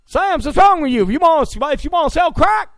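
A man putting on a stern, bossy middle-aged man who barks the same commands over and over, his voice pushed high and loud. The delivery is gravelly and swings wildly in pitch. It sounds dry and close, with no room around it. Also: expressive, brisk, dry recording, exaggerated voice. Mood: ranting. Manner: shouting, bossy, repetitive commands.

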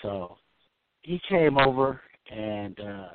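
A man's voice: lowish voice, moderate pace, no echo. A middle-aged man from Oakland, a musician telling stories in a casual, laid-back way, peppering his talk with "man" and "you know". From Oakland, California. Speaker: musician guest. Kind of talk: casual storytelling interview. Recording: tinny phone-like line, dry.

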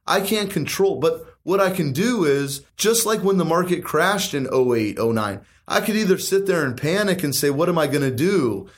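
Confident man pitching real estate. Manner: confident, emphatic, rhetorical questions. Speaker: real estate investor and teacher. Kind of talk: casual chat.

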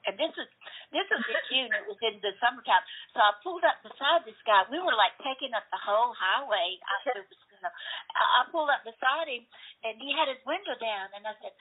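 A singer-songwriter from Memphis, chatting as a guest and telling stories with acted-out dialogue. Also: female voice, on the high side, fairly quick. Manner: animated storyteller, acts out dialogue. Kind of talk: casual interview chat. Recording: tinny phone line.

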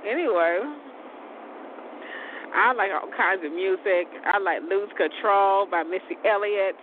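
Over a tinny, phone-like recording with faint background noise, a vlogger in her forties rambles casually, repeating things and laughing often. Her voice is medium in pitch, and she speaks a little slowly with frequent pauses.

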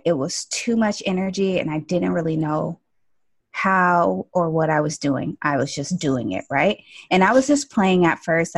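A woman in a casual storytelling chat, who works as an esthetician and energy healer, speaks with a fairly low pitch and no echo. She's chatty and sprinkles in lots of "like" and "you know."

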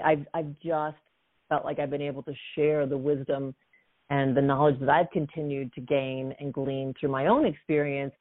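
A woman in her fifties, a guest coach and author, telling a personal story in a lively way with many "you know" fillers. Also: sits low, vocal fry. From United States. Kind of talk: storytelling in a conversation. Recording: phone-like narrow sound.

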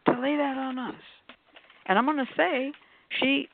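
A woman on a call-in show panel telling an animated story, acting out quotes and using many fillers. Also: high voice, unhurried. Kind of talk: casual storytelling. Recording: tinny phone-like line.

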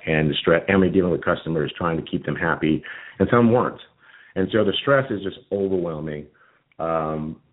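A middle-aged man hosting a podcast, telling a personal story in a candid, emotional way, often restarting his sentences. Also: deep voice. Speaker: podcast host and nutrition coach. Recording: tinny phone-line sound.

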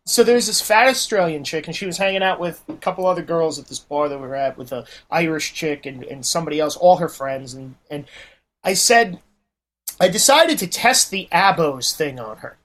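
A blunt American man from New Jersey hosts a casual talk show. He tells profane anecdotes and acts out the people in them with lively quoted voices. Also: on the high side, normal speed. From New Jersey, USA. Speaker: podcast host. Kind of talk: casual chat.

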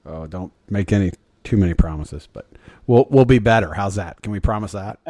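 A man's voice: lowish voice, fairly quick, mellow. A man co-hosting a podcast in casual chat, mostly giving brief replies and dry wrap-up lines. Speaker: podcast co-host. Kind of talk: casual chat, short responses.

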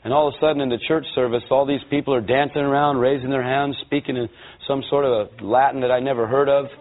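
Male guest speaker, from Los Angeles, lively testimony storyteller, middle pitch, tinny phone-like audio. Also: fast. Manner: lively storyteller who acts out voices and quotes. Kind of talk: storytelling testimony before a church audience. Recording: tinny, narrow-band sound.

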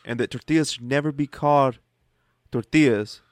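A man's voice: medium pitch, moderate pace, no echo, clean studio sound. A man co-hosting a podcast in casual joking chat, playing along and repeating the host's lines. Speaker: podcast co-host.

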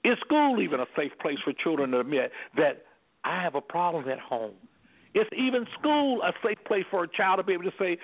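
Man, anger management specialist, emphatic preacherly delivery, high-pitched, phone-line audio. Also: big pitch swings, brisk. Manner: preacherly, emphatic, acts out quoted voices. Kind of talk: impassioned call-in radio talk.

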